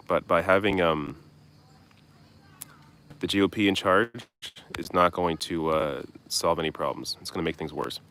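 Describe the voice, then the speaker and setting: A man's voice: low-pitched, fairly bright tone, smooth. A young man hosting a casual live stream outdoors, answering viewer questions in a blunt, loose way. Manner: casual, blunt, swears and laughs off distractions. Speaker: political commentary host. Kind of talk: live stream Q&A reading chat.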